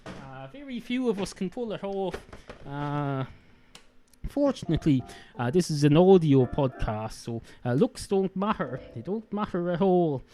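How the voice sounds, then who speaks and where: Here a man from Ireland hosts a podcast, his slightly high, mellow voice moving in an unhurried, sing-song way. Holding a handheld mic, he goes off on mock rants and meanders along, dropping "uh" after "uh."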